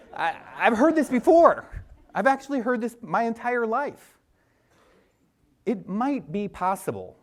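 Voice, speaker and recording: Chatty man giving a conference talk. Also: on the high side. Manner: chatty and self-deprecating, with fillers and restarts. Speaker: conference speaker.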